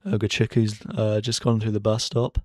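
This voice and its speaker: Man, live watchalong commentary, excitable and chatty, dry close-miked bedroom. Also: on the low side, moderate pace, no echo. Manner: chatty and excitable, cheering drivers on. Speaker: streamer hosting a racing watchalong. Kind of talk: live casual race commentary. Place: bedroom at home.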